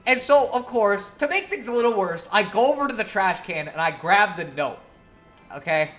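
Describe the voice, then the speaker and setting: A woman's voice: mid-range voice, lively intonation, moderate pace, a bit bright, soft background music. A woman streamer telling a long story in a casual, profane, laughing way.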